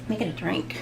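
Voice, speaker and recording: A woman's voice: mid-range voice, vocal fry, very noisy. A woman hosting a casual live tarot reading, chatting with viewers, laughing often and stumbling over foreign words. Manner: talks to viewers in the chat.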